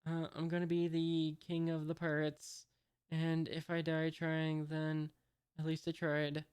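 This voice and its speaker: A reader voicing a brash young pirate captain, read out flatly. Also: medium pitch, a little slow, smooth, lightly acted. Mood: carefree. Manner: flat reading.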